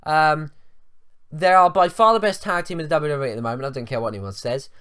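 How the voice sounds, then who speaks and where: A man's voice: fairly high pitch, fast, a bit bright, smooth. A young man giving a blunt, swearing rant in a video review, with lots of ums. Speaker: wrestling show reviewer.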